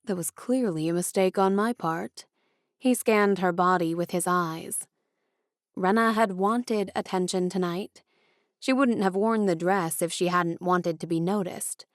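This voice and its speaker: A woman narrating an audiobook in a measured storytelling style. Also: medium pitch, no echo, clean studio sound.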